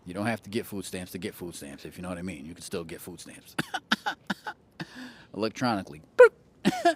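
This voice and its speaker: A man's voice: deep voice, wildly swooping pitch, moderate pace, a little hiss or hum. A man hosting an astrology livestream in casual chat, playful and teasing with viewers, often repeating phrases for effect.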